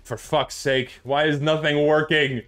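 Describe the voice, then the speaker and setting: A man's voice: on the high side, level tone, measured pace, fairly bright tone, faint music behind. A man livestreaming, chatting to his viewers and muttering to himself as he fiddles with his settings, swearing often. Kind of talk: live stream chatter.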